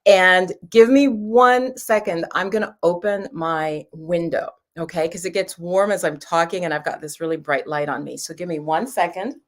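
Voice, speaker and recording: A woman with a slightly low voice hosts a casual livestream from her home. She chats in a loose, rambling way, greeting viewers as they join. She sits on the floor as she talks. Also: moderate pace, few pauses. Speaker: livestream host, angel card reader. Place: home room, sitting on the floor.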